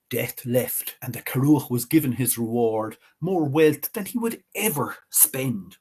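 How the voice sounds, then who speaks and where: A man telling a folk tale in a measured way, slowing on key words. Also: medium pitch, expressive, darkish tone, slightly rough. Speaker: storyteller.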